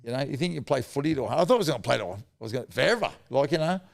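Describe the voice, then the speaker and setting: A middle-aged Australian man who used to play rugby league appears as a podcast guest, telling emotional stories in a rambling, heartfelt way over casual chat. His medium-pitched voice is expressive, gravelly and racing. The recording is studio quality with no room sound.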